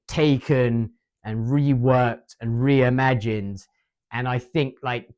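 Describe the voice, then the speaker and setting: A man's voice: mid-range voice, darkish tone, clear, resonant tone. A man from England with an English accent, giving a rambling, enthusiastic beer review full of slang and mild swearing. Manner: rambling, enthusiastic, salty, keeps saying "mate". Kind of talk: casual chatty review.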